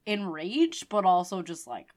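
A woman's voice: on the low side, sing-song, measured pace, darkish tone. A woman co-hosting a podcast, recapping a TV episode in casual chat, enthusiastic and full of swearing and "like". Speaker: podcast co-host.

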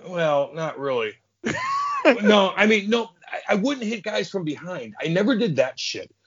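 An unhurried, husky male voice sitting high comes through lo-fi sound. This former hockey enforcer, guesting on a podcast, tells his stories casually and profanely, animated and imitating the people he mentions.

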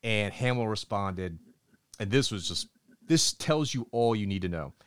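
A man's voice: lowish voice, expressive, a little slow, clear, resonant tone. A man co-hosting a podcast, chatting casually and talking enthusiastically with emphatic restarts. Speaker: podcast co-host.

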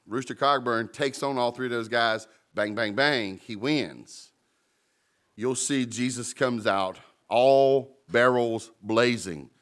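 A man preaching in a church, telling stories and paraphrasing scripture in a relaxed, conversational way. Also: mid-range voice. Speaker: pastor. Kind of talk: sermon.

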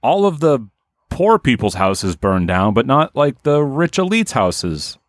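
A man's voice: mid-range voice, very animated, unhurried, no room sound. A man voicing a naive young man who shrugs everything off in a dopey, wide-eyed way.

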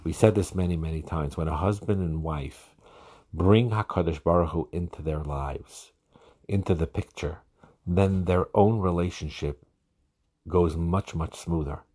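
Male marriage counselor, very deep and husky, earnest, repeats for emphasis. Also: unhurried, dark tone. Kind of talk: podcast lecture on marriage.

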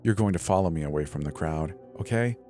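A man voicing a desperate young man dressed as a fairy-tale prince, pleading in a strained, halting way. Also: low-pitched, mellow, faint music behind, close to an everyday voice.

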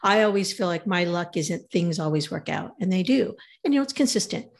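A woman telling a travel story in a casual, animated way, acting out the voices of the people in it. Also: fairly low pitch, brisk, creaky.

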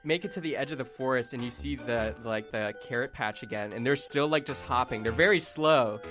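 A man's voice: mid-range voice, fairly quick, faint music behind. A young man narrating as game master, giggly and full of fillers. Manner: giggly, filler-heavy, lively.

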